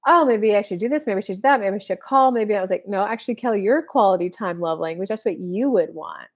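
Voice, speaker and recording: A fast-talking woman in her thirties, her mid-range voice caught on a muffled recording, gives a relaxed tarot reading on a live stream. She chatters, leans on "like," and performs small imagined conversations.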